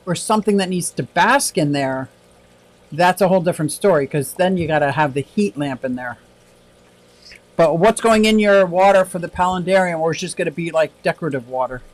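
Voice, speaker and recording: High-pitched guy rambling on a stream, chatty and upbeat, reading chat out loud. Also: no room sound, rough recording. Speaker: livestream host. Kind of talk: casual livestream chat reading comments.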